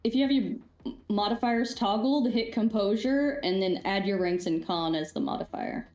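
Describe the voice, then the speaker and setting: A woman's voice: medium pitch, moderate pace, darkish tone. Woman at the gaming table, matter-of-fact rules explainer, echoey room with faint music. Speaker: player. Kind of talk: tabletop game chat.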